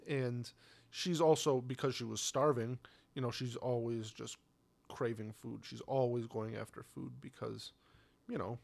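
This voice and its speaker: A young man in casual chat, telling a story in a relaxed way and laughing easily. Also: mid-range voice, creaky.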